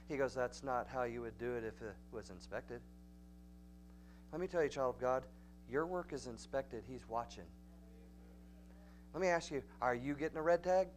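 A man with a Texan accent preaching a Bible study in a church, folksy and emphatic, building to loud, urgent peaks. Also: mid-range voice, brisk, a little hiss or hum. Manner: folksy, emphatic, rising to near-shouting peaks. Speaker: pastor. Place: church sanctuary.

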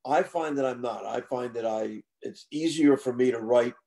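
A man's voice: medium pitch, moderate pace, gravelly, warm tone. An older man answering interview questions about his book in a thoughtful, conversational way, often restarting and repeating words as he thinks. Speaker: author guest.

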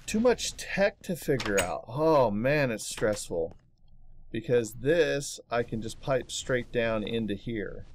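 A man's voice: medium pitch, expressive, slow, slight background noise. A man hosting a let's play, talking casually to himself as he builds and getting easily aggravated, recorded in his home office. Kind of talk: casual gameplay commentary.

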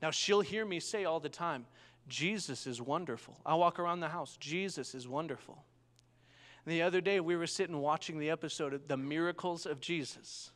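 A young male pastor preaches in an animated storytelling style, often asking his listeners for an amen. His voice sits fairly high for a man. The sound carries a long reverb from a large church hall. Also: fairly quick, few pauses, smooth. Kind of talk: sermon.

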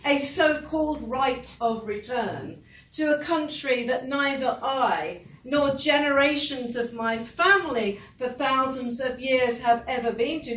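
A woman speaks earnestly at a meeting, her voice fairly high and picked up from a distance. She builds her points steadily and drops wry asides. The hall rings around her, with a faint hiss underneath. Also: fairly bright tone. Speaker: public speaker. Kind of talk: speech at a political meeting. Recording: echoey hall, mic from far off, faint noise.

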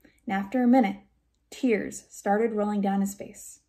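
Gentle woman reading a storybook aloud. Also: mid-range voice, steady tone, unhurried. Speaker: reader. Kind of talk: first-person storybook narration.

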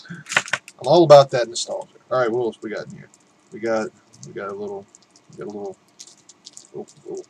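A man's voice: lowish voice, noisy background. A man doing casual unboxing commentary, rambling, joking at his own expense, and swearing freely. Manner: rambling, self-mocking, swears a lot. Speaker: unboxing vlogger.

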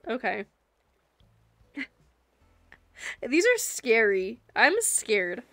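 A woman's voice: a little high, big pitch swings, very slow, a bit bright, dry recording, soft background music. A young woman streaming live and chatting casually with her viewers, rambling and giggling with frequent restarts. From United States.

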